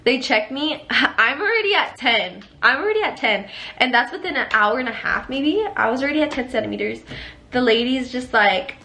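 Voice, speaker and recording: A woman's voice: high-pitched, animated, normal speed, bright, forceful tone. A young woman vlogger rambling through a storytime, full of "like" and acted-out quotes. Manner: rambling, lots of "like", acts out quoted lines. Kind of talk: casual storytime.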